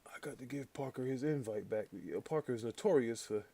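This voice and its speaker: A man hosting a casual livestream, talking in an animated way, swearing and calling out viewers in the chat. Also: mid-range voice, fairly quick, husky. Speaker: livestream host.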